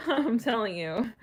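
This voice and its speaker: Giggly woman chatting on a livestream. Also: on the high side. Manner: giggly, rambling, sings snatches of songs. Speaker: livestream host. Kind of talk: casual livestream chat.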